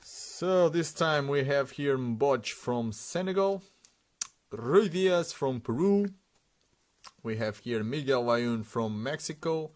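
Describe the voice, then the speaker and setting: A man's voice: medium pitch, animated, takes it slowly, hardly any pauses. A man hosting a sticker unboxing, giving casual running commentary and reading out names one after another with frequent hesitations.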